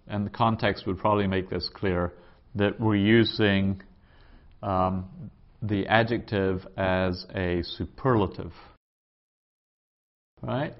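Guy teaching hebrew grammar to a class, lowish voice, kinda dull lo-fi recording. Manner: explains patiently, sounds out words slowly. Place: classroom around a table.

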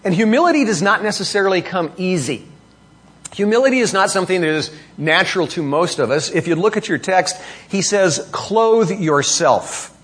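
A middle-aged man preaching a sermon, reading scripture and explaining it with rhetorical questions and pitch that rises for emphasis. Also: expressive, normal speed, fairly bright tone, breathy edge. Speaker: pastor.

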